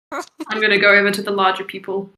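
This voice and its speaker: A woman's voice: medium pitch, fairly even intonation, fairly quick, pushed and bright. A woman playing a tabletop game, joking and giggly. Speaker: player. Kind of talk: casual tabletop play. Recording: echoey room.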